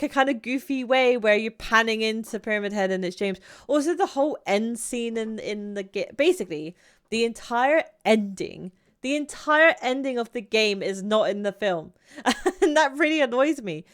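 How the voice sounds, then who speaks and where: A young woman hosting her channel, reviewing a film in a casual, rambling way with frequent restarts and laughter. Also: fairly high pitch. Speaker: YouTube channel host.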